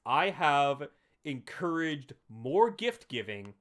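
A man's voice: a little high, very animated, slow, fairly bright tone. A man hosting a let's play, giving casual commentary in a playful, bragging way with some swearing.

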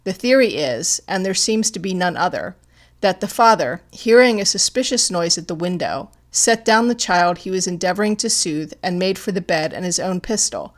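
A woman narrating a classic detective story as an audiobook, in a measured, even reading. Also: fairly low pitch.

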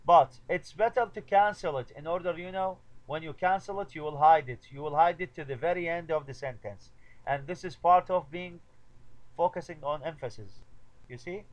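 A middle-aged man lectures a translation class in a slightly high voice. He says example sentences slowly and more than once, then breaks each one down. His is Arabic. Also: highs cut off. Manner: repeats model sentences slowly, switches between English and Arabic. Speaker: university translation teacher.

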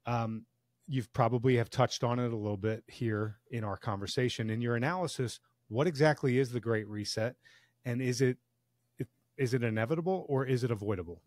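A man hosting an interview channel, asking measured, polite questions. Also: medium pitch, a little mellow, dry recording.

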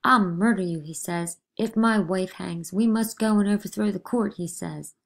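A woman's voice: mid-range voice, moderate pace, creaky. A woman reading a play aloud, voicing a frightened teenage girl accuser who sobs and pleads in panic. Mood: hysterical. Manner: sobbing, breathless, pleading.

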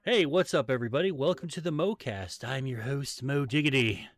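A man's voice: medium pitch, a little fast, no echo. Foul-mouthed ranting podcast host, man. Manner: profane, ranting, joking. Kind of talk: casual chat.

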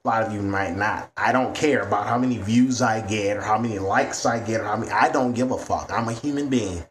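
A man's voice: fairly low pitch, fairly quick, a little hiss or hum. A man ranting to camera in a vlog, blunt and heavy on profanity. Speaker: vlogger.

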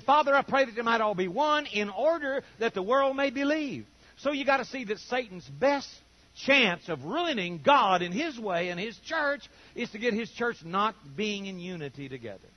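An older man preaching a sermon, telling stories and acting out the voices of the people in them. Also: fairly high pitch. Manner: animated storytelling, acting out quoted voices. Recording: dull lo-fi recording.

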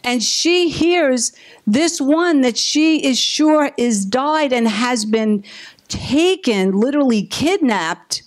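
A woman's voice: high voice, animated, slow pace. A woman pastor preaching a sermon with emphasis, acting out the scripture quotes as she goes.

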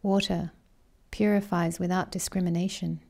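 A woman gives voice to a wise male water dragon, rich and low, speaking in slow, soothing phrases with a gravelly edge. His mellow tone stays calm and measured. He is a spirit guide in a guided meditation. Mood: serene.

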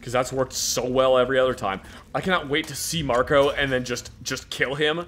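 A man's voice: mid-range voice, fairly even intonation, a little fast, a bit bright. Sarcastic joking male gamer. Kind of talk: casual gameplay chat.

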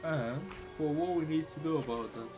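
A man giving excitable live gameplay commentary in broken English, taunting the enemies he fights. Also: a little high, normal speed. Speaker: gameplay streamer. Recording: game music playing underneath. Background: game music.

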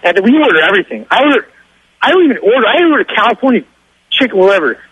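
A young male caller, boastful and excitable, with a fairly high, husky voice. He speaks on a dry, close phone line with little room sound. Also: rapid-fire, no room sound. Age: young adult. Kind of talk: casual storytelling on a call-in show.

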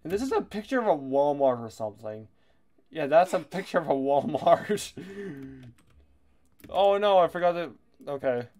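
A man giving casual, excitable commentary over a video game, laughing and swearing often. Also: on the high side, moderate pace, long pauses. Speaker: gaming YouTuber.

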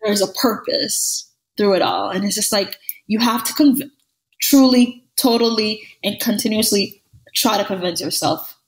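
An animated woman co-hosting a casual podcast, her voice sitting in a middle range. She talks emphatically and often repeats a phrase to drive it home. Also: medium pitch, unhurried, rough recording. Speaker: podcast co-host. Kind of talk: casual chat.

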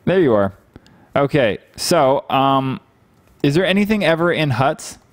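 A man's voice: a little high, lively intonation, unhurried, dry recording. A young man in his twenties, a gaming streamer, chatting casually and teasing while he plays. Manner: teasing, joking, laughs often. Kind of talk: casual gameplay chat.

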